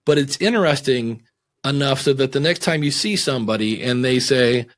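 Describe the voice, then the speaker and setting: A middle-aged man talking as a guest in a casual podcast interview, animated and acting out quotes and voices as he explains. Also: moderate pace. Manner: animated, acts out voices and quotes with big pitch swings.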